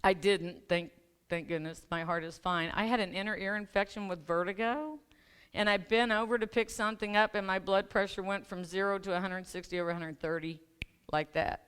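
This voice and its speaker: A woman's voice: medium pitch, fairly even intonation, fairly quick, a bit bright, smooth. A woman who works as a life coach gives a chatty, self-deprecating sermon, telling a personal story in a church sanctuary and laughing along with the congregation. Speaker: guest speaker and life coach.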